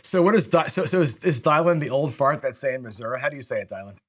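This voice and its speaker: A chatty male host runs a relaxed online interview from his home setup. His pitch sits in an everyday middle range, and he laughs easily and often repeats words as he talks. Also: quick pace. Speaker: show host. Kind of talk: casual video call interview.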